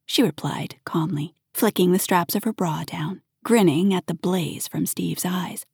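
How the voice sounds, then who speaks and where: A woman narrating an erotic audio story in a soft, intimate voice that often drops to a half-whisper. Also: lowish voice, moderate pace, gravelly, hardly any pauses, breathy edge, dry recording, clean studio sound.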